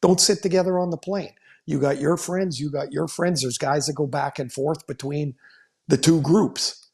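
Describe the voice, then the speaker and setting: A man's voice: on the high side, fairly even intonation, moderate pace, creaky, darkish tone. A middle-aged man, a former player, co-hosting a casual sports podcast and telling stories in a blunt, joking way. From Canada. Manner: blunt, storytelling, laughing asides.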